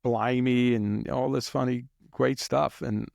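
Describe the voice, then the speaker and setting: A man with a gravelly, fry-laden voice tells story after story as an interview guest, rambling and chuckling and now and then imitating drum beats. The recording is dry and close, with no room sound. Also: medium pitch, steady tone, slow pace, a little mellow, dry recording. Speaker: guest drummer. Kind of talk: casual anecdotal storytelling.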